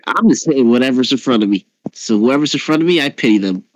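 A man's voice: medium pitch, animated, fast talker, dry recording, poor audio. Guy in a tabletop game, unsure, repeats himself, dry mic. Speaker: player. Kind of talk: casual game chat.

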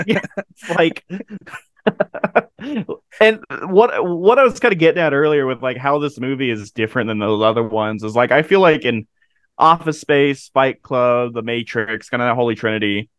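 A man's voice: mid-range voice, moderate pace, fairly bright tone, clear, resonant tone, no echo. A man in his thirties chatting casually about a film, laughing often and swearing freely. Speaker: podcast co-host.

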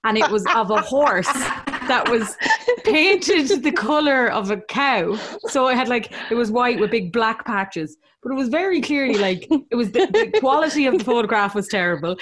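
Young irish woman, casual podcast chat, lively storytelling, laughs a lot. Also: a little high, normal speed, slight background noise. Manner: animated storytelling, laughing often. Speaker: podcast co-host.

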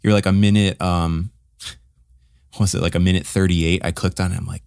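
A man's voice: low-pitched, little pitch movement, moderate pace, gravelly, a little mellow, smooth, no room sound. A man co-hosting a podcast, chatting casually about albums with lots of fillers and restarts, humming riffs as he goes. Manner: rambling, many fillers and restarts, hums riffs. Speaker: podcast co-host. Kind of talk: casual music review chat.

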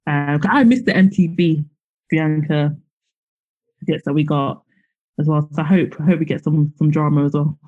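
A woman's voice: low-pitched, moderate pace, mellow, dull audio. Chatty woman, light laughs. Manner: chatty, laughs often, many fillers. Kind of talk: casual chat.

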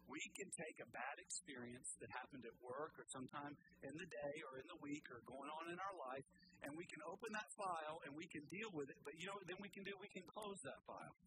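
A pastor preaching a folksy, animated sermon to the congregation, swinging from loud emphasis to soft, low asides. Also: male voice, fairly quick. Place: church sanctuary. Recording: live sermon with clear room noise.

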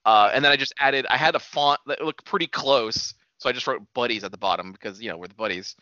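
A man co-hosting a podcast in relaxed, joking chat, swearing casually now and then. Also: medium pitch, fast talker, no echo, highs cut off. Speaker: podcast co-host.

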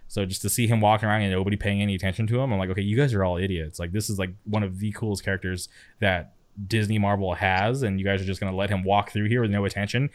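A man's voice: on the low side, fairly even intonation, fast talker, dry recording. A young man from California co-hosting a podcast, chatting casually and enthusiastically, rambling with lots of fillers. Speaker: podcast co-host. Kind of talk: casual chat.

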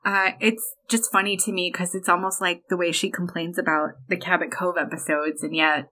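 A woman's voice: lowish voice, fairly even intonation, sharp tone, poor audio. A woman co-hosting a podcast, talking casually and emphatically about an old musical film. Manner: chatty, emphatic, quick asides. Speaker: podcast co-host.

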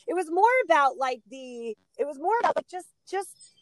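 Middle-aged woman podcast co-host, animated storyteller, slightly high voice, dry close sound. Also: moderate pace, dry recording. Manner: animated storytelling, laughs often, gives shout-outs. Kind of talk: casual chat.

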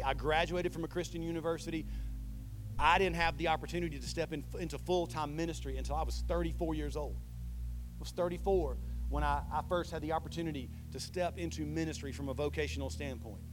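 Animated pastor, man with a raised voice. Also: on the high side, brisk, a little hiss or hum, rough recording. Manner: animated storyteller, swings from loud to hushed. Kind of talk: sermon with personal storytelling.

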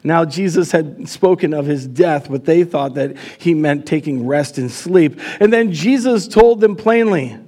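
A man's voice: on the high side, unhurried, few pauses, mellow. A man preaching a live sermon as pastor in a church, casual and chatty, with many fillers.

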